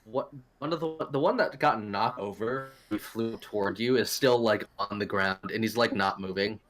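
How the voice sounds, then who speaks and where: A man's voice: on the low side, moderate pace, fairly bright tone. A man running a tabletop game as game master, narrating in a loose, casual way.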